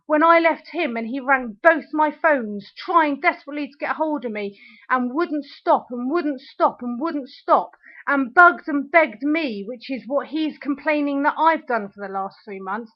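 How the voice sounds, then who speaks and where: A young woman with a high voice rants into her webcam at home, sarcastic and swearing, close to tears at times. The sound is dull and lo-fi. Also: unhurried. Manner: furious, ranting, sarcastic, swearing. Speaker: video diarist. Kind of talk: angry ranting video diary.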